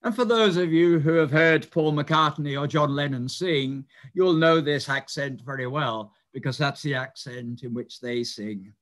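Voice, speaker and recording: An older man giving a reminiscing lecture, speaking in a measured, explanatory way with some hesitant fillers. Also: on the high side, a bit bright. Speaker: mathematician giving a talk.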